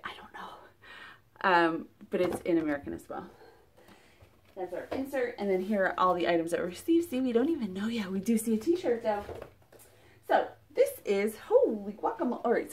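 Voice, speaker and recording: A woman reviewing a subscription box in a casual unboxing vlog, chatty and rambling with lots of fillers and restarts, getting excited as she pulls out items. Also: medium pitch, slight background noise. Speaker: product reviewer.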